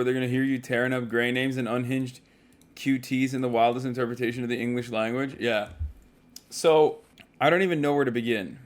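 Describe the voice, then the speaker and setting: A man livestreaming from a hotel room, chatting casually with rambling, profane jokes. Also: medium pitch.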